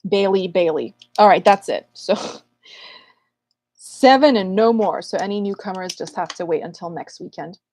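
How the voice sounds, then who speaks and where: A woman's voice: mid-range voice, normal speed, a little mellow, a little hiss or hum. A woman astrologer hosting a live Q&A, chatting playfully and calling out viewers' names while getting over an illness. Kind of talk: casual livestream chat.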